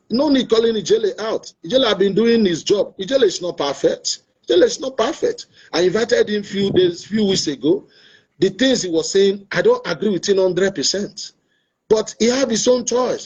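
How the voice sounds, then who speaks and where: A man's voice: sits high, darkish tone, slightly rough. A Nigerian man hosting an online talk show, earnest and preachy, repeating his points. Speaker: show host. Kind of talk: opinionated talk-show monologue. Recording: dull lo-fi online stream audio.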